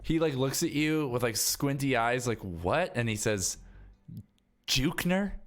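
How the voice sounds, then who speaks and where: A man's voice: medium pitch, normal speed. A man narrating as game master in a casual, filler-heavy way.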